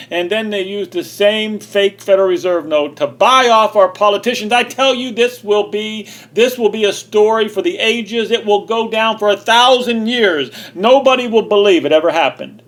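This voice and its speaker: A man's voice: high-pitched, moderate pace, hardly any pauses, a bit bright. A man delivering an angry, ranting monologue, repeating and restarting his phrases as he pushes his point. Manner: indignant and repetitive, restarting phrases. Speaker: video commentator.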